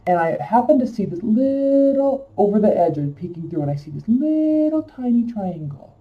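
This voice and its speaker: A man's voice: sits high, big pitch swings, normal speed, distant mic. Emotional man telling a rambling story. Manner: emotional, rambling, many fillers. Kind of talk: casual personal storytelling. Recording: dull lo-fi sound from off-mic.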